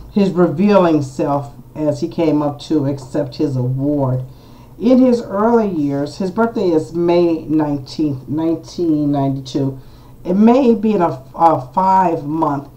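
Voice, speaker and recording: A blunt, chatty vlogger talks straight to the camera in a loose, unscripted way. The voice is mellow and dark in color, sitting at a middling pitch. The delivery wanders through fillers and frank asides. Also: poor audio. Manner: blunt and outspoken, with the odd curse. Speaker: vlogger doing astrology readings. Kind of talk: casual opinionated commentary to camera.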